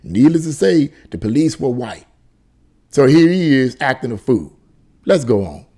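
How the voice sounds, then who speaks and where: A man's voice: medium pitch, big pitch swings, moderate pace, warm tone. A man reading a news article aloud and breaking off into indignant commentary. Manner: indignant, exclaims and laughs in disbelief. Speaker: commentary channel host.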